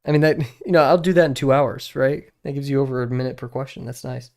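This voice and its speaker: A man's voice: medium pitch, steady tone, fast talker, darkish tone. A man in his twenties chats casually while streaming, wandering from thought to thought. He pokes fun at himself and breaks into small laughs between phrases. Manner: rambling, self-deprecating, laughs often. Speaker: drawing streamer.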